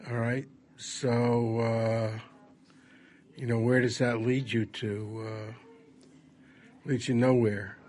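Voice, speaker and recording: A man's voice: medium pitch, level tone, slow, pauses often, a little mellow, a little hiss or hum. A man commenting in a workshop.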